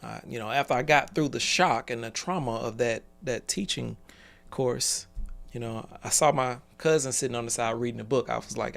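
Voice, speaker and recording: Male, 40s, mid-pitched and gravelly; earnest business speaker telling stories on a live call. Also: moderate pace, a bit bright. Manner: storytelling, earnest, laughs between points. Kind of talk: motivational talk on a live call.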